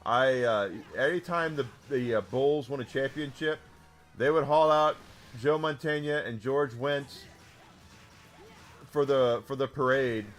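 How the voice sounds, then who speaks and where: A man's voice: mid-range voice, a little slow. A man, chatting with his viewers while streaming a game, telling stories in a rambling way with lots of restarts. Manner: rambling storyteller, lots of restarts, swearing it's true. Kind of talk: casual chat while gaming, talking to chat. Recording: faint game music underneath.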